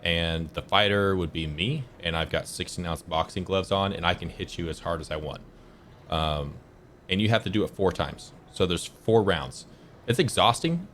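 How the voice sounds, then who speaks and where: A man's voice: sits low, fairly bright tone, a little hiss or hum. A man giving casual gameplay commentary as a streamer, rambling and correcting himself as he tells stories, laid-back with some swearing. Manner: rambling, self-correcting storyteller. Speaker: gaming streamer.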